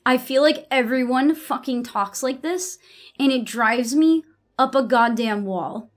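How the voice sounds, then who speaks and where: High-voiced, blunt, swearing woman streamer. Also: measured pace. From US East Coast. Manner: blunt, profane, rambling with restarts. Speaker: livestreamer. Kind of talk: casual chat to stream viewers.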